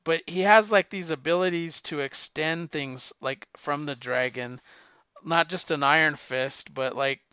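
A man's voice: fairly high pitch, unhurried, sharp tone, clear, resonant tone, dry recording, dull audio. A man casually chatting as a podcast co-host, rambling and stumbling over restarts and fillers. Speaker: podcast co-host reviewing comics. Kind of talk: casual chat.

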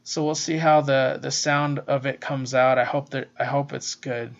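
A man's voice: medium pitch, flat delivery, moderate pace, gravelly. A man hosting a casual solo podcast, gushing and swearing freely as he reviews comics, recorded on a laptop's built-in mic. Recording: roomy, distant, dull laptop-mic recording.

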